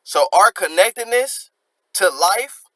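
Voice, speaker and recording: A young man walks through a song line by line, earnest and reflective, dropping slang as he talks. His voice is bright and sits a little high. The sound is close and dry, with no room around it. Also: lively intonation, slow pace, no room sound, poor audio. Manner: reflective, earnest, slangy, quotes lyrics aloud. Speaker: music reaction host. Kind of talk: casual lyric breakdown.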